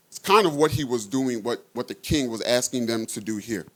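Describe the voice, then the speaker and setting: A man's voice: medium pitch, moderate pace, a bit bright. A man preaching a conversational sermon, reading scripture aloud and often checking in with his listeners.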